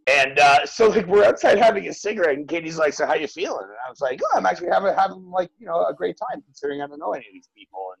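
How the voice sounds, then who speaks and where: A man's voice: high voice, rapid-fire, vocal fry, hardly any pauses, poor audio. A man telling a story in casual chat, full of fillers and swearing, acting out what others said. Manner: animated, swearing, many fillers, acts out voices.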